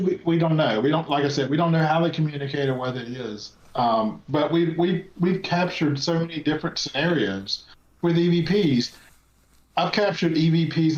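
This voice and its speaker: A man's voice: fairly high pitch, lively intonation, brisk. An American man, a guest paranormal investigator, recounting field recordings in rambling casual chat with many restarts. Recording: echoey, dull lo-fi sound.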